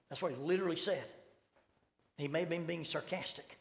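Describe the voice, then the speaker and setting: Middle-aged man, preacher, fairly high voice, long church reverb. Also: moderate pace, pauses often. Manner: storytelling, acting out quoted voices with sudden loud bursts. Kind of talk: sermon. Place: church sanctuary.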